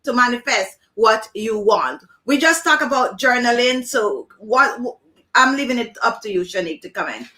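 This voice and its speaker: High bright emphatic woman host. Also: moderate pace. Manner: animated, emphatic, repeats phrases for stress. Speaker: host of a live stream. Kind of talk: casual live chat.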